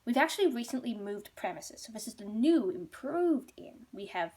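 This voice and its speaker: A woman's voice: a little high, sing-song, normal speed, a little mellow. Woman doing gushing, evasive innkeepers. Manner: salesy, gushing, hedging.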